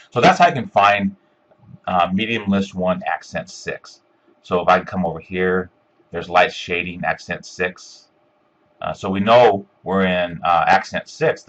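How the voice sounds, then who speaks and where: Deep husky guy doing a screen recording tutorial, lots of uhs, kinda dull lo-fi sound. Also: a bit bright. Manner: step-by-step, filler-heavy with frequent ums and uhs. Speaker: instructor.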